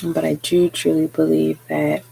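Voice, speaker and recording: A tarot reader giving a live spiritual reading, talking slowly and earnestly with frequent pauses and fillers. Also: mid-range voice, level tone, gravelly, darkish tone, a little hiss or hum, low-quality recording. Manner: slow, hesitant, many pauses and fillers; earnest, encouraging.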